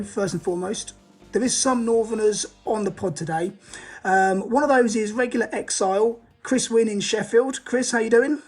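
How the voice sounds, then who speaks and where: A man's voice: sits high, husky. A man hosting a casual football podcast, introducing guests with chatty fillers. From England. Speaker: podcast host.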